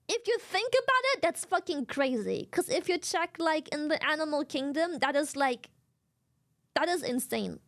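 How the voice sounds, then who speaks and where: A high-voiced woman chatting casually on a live stream. She rambles in an animated way, giggles often and swears freely.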